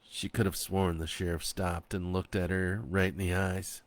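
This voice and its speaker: A man narrating his own horror story in a slow, expressive reading. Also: low voice.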